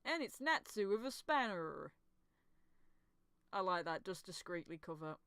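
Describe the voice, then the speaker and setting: A young woman chats through a manga chapter with a smooth, clean voice. Her delivery is casual and full of swearing and quick laughs. The sound is dry and close, with no room around it. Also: on the low side, very animated, a bit bright, no echo. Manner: swears freely, laughs often, reads lines aloud. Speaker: manga reaction youtuber. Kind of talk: casual reaction commentary.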